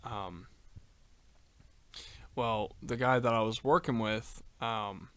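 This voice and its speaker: On a casual podcast, a male co-host rambles through a long story, swearing freely and filling it with ums and uhs. His voice is lowish, smooth and a bit bright, with a steady tone and a slow pace.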